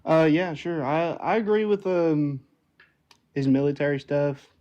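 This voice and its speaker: A man's voice: fairly high pitch, a little slow, darkish tone. Hesitant man on a dull call line. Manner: hesitant, defensive, swears. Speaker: caller. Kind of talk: casual call-in chat.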